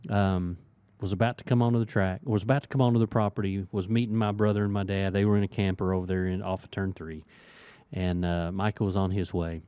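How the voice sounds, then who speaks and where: A man's voice: low voice, quick pace, clear, resonant tone, no echo. A middle-aged man hosting a casual chat, telling a long story and acting out the voices of the people in it. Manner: lively storyteller who acts out quoted voices. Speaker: podcast host and sticker shop owner.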